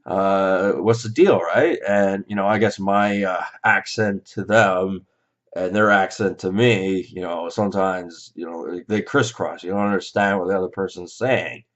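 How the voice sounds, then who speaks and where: A man's voice: sits low, flat delivery, normal speed, a bit bright. A Canadian man recounting a dream in a rambling, hesitant way, full of fillers and restarts. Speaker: vlogger. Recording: slightly dull lo-fi audio.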